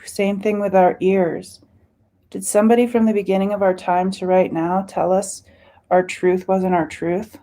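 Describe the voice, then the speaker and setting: A woman leading a guided spiritual meditation, talking slowly and soothingly, with sighs and chanted syllables between her words. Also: medium pitch, level tone, warm tone.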